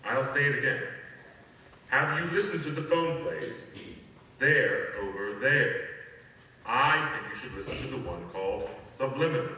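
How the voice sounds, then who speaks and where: A man playing a calm, secretive guide who gives measured, deliberate instructions in a scripted audio play. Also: medium pitch. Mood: calm, instructive. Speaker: phone play narrator. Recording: echoey hall, voice from far off, faint ambience.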